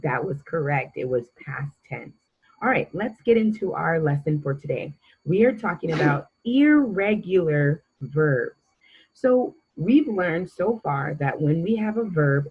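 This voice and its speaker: A woman's voice: lowish voice, husky, muffled recording. A woman teaching a grammar lesson to children, patient and encouraging as she quizzes the listener.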